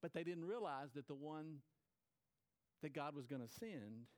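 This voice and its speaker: Animated storytelling preacher, man. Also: a little high, unhurried. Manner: storytelling, repeats phrases, acts out quotes. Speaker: pastor. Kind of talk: sermon.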